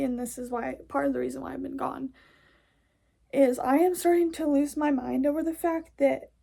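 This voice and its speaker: A woman's voice: high-pitched, creaky, dark tone. A young woman hosting a podcast, delivering an angry, profane, blunt monologue. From United States. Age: young adult. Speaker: podcast host. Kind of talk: casual ranting monologue.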